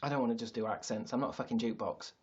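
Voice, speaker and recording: A man's voice: mid-range voice, steady tone, rapid-fire, breathy edge, dull audio. A man hosting a comedic livestream, rambling, joking and swearing freely. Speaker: livestream host. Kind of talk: casual comedic livestream chat.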